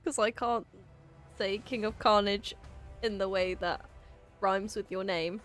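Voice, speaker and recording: A woman's voice: mid-range voice, steady tone, a little slow, a bit bright, faint music behind. A woman chatting casually to her viewers on a live game stream, giggling now and then and talking straight to chat.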